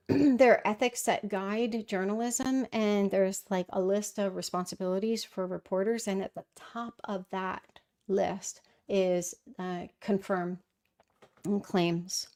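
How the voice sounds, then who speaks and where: Speaking slowly with a medium pitch and fairly even intonation, this middle-aged livestream host has a slightly mellow sound. She fields viewer questions in a thoughtful, casual way, with lots of fillers and restarts.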